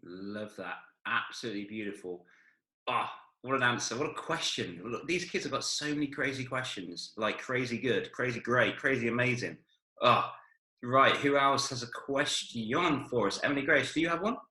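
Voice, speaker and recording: A man hosts a question session on a video call, upbeat and chatty. His voice is bright and forward. The room around him sounds echoey. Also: mid-range voice, animated, moderate pace. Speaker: host.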